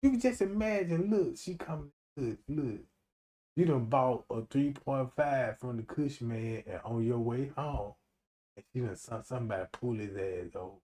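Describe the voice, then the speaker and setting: A man streaming a profane comedic rant, swinging from shouting to muttering. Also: mid-range voice, normal speed.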